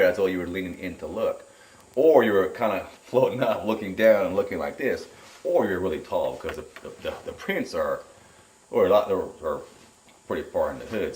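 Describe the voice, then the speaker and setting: A middle-aged man giving a rambling, animated personal account in an interview, often repeating his words. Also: sits low. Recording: roomy and distant from the mic.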